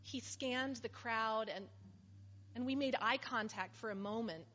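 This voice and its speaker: A weary woman made whole after years of suffering tells her own story in a dramatic monologue, played by a woman. Her voice sits a little high and moves at an unhurried, deliberate pace, earnest and heartfelt. The recording is slightly muffled, with a faint hiss behind it. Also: a bit bright. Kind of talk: first-person dramatic monologue.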